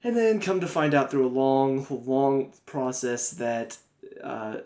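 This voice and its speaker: A man's voice: medium pitch, slow, darkish tone. A young man giving a casual, rambling spoken review of a TV episode, full of fillers and restarts. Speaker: TV review vlogger.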